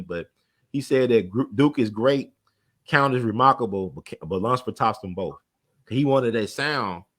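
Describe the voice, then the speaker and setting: A man talks as an interview guest, racing through history and stories. His pitch sits in a middle range, and the words tumble out fast and animated. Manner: rapid, animated storytelling, admits talking fast. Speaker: interview guest, community organizer. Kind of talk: casual conversational interview.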